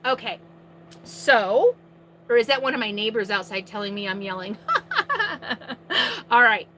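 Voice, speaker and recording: A woman hosting a live question-and-answer stream from inside her RV, chatting casually and projecting her voice loudly. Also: mid-range voice, fairly even intonation, normal speed, a little hiss or hum, low-quality recording.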